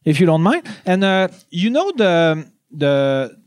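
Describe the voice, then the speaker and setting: A man's voice: fairly high pitch, sing-song, takes it slowly, smooth, dry recording. A man co-hosting a casual comedy podcast, giggly and hesitant, full of fillers. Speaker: podcast co-host.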